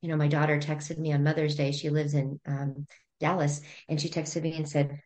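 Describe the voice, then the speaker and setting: A middle-aged woman speaking as a therapist guest on a podcast, calm and gently instructive as she walks through breathing exercises. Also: sits low, normal speed. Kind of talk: conversational podcast interview.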